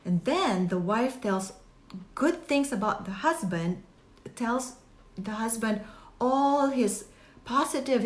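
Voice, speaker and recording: A woman host speaks in a casual, earnest way and shares personal matters openly. Her pitch sits at a middle height. She rambles through fillers and restarts, and her voice echoes around the room.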